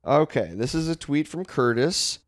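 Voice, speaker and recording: A man's voice: on the high side, normal speed, no room sound. A man chatting casually and reading a letter aloud, his voice swinging up and down as he goes. The sound is dry and close. He keeps laughing through the lines he reads. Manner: lively, laughs while reading.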